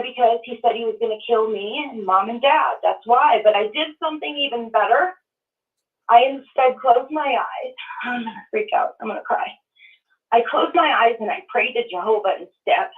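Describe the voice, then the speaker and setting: A woman from Minnesota calling in to a show, telling her story in a halting, emotional way. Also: fairly high pitch. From Minnesota, USA. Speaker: caller. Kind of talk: call-in testimony. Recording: distant tinny phone line.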